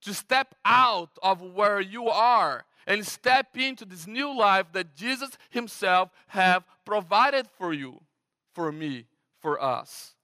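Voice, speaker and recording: A man from Brazil with a Brazilian Portuguese accent, preaching a sermon as pastor in a conversational, animated way with frequent restarts. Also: high voice, slow pace. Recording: long hall reverb.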